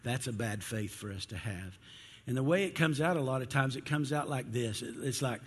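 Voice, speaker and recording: Pastor preaching in a reverberant hall. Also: male voice, medium pitch, fairly quick, husky. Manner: conversational, acts out biblical figures' complaints. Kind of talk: sermon.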